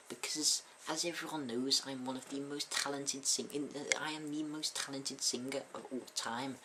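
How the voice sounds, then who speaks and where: A man doing a comic impression of a boastful, bitter male rock singer in a shaky put-on Scouse accent. He swings between sulky mumbling and sudden shouting. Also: medium pitch, slight background noise, low-quality recording. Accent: put-on Scouse, poorly done.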